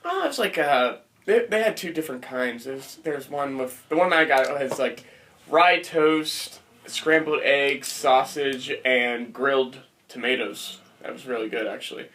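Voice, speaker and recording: A man's voice: mid-range voice, unhurried, a bit bright, a little hiss or hum. A young man casually telling a rambling story on a podcast, laughing as he goes. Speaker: podcast co-host.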